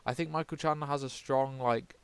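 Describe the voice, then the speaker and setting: A man from the UK talks through his picks in a loose, rambling way, dropping swear words and backtracking mid-sentence. His voice is smooth and clear. The sound is dry, with no room echo. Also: mid-range voice, steady tone, fairly quick. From United Kingdom. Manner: rambling, swears often, self-correcting. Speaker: MMA vlogger. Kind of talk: casual fight predictions.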